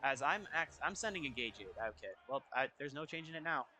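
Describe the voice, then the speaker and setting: A young man giving casual, excitable commentary over a football video game, reacting out loud to each play. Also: fairly high pitch, fairly quick. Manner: excitable, reacting loudly to plays. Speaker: gaming YouTuber. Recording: faint music behind.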